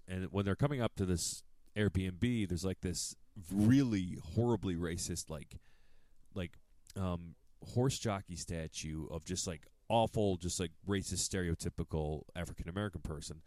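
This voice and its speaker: Deep-voiced man rambling in casual chat. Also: normal speed, darkish tone, dry recording. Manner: rambling, profane, many fillers and restarts. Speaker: podcast co-host.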